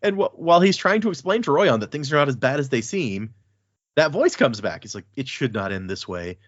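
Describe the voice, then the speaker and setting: Brief: lively male podcast co-host, a mid-pitched voice that rises and falls a lot, dry, slightly dull audio. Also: no room sound. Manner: animated, acts out characters' lines in quick voices. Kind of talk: casual book recap chat.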